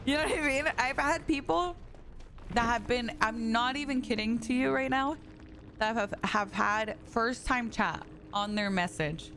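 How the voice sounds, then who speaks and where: A woman's voice: fairly high pitch, a little slow, fairly bright tone, a little hiss or hum. A young woman live streaming as she plays a game, chatting casually with her viewers, swearing and laughing often. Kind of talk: casual live-stream chat while gaming. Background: music.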